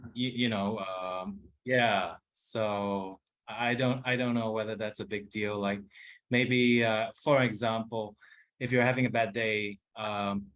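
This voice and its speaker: A man with a fairly low voice puts a question to a teacher at a dharma Q&A. He speaks hesitantly, with many ums, uhs and restarts as he feels his way toward his point. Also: fairly even intonation, takes it slowly, a bit bright. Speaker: student asking a question.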